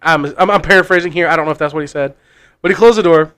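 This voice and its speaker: A podcast co-host spins a long, meandering story in a casual, profane way. His voice sits a little high for a man, and he keeps doubling back over his own words. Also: rapid-fire, fairly bright tone, clean tone. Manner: rambling and profane, with frequent restarts and laughs.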